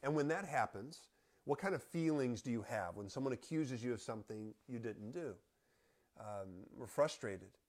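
A man reading scripture aloud and explaining it to a Bible study group in an earnest, measured way. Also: medium pitch, lively intonation.

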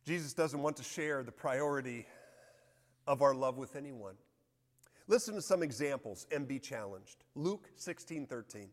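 A man's voice: medium pitch, lively intonation, normal speed. A man preaching a sermon as pastor, earnestly reading scripture aloud with emphasis. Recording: long hall reverb.

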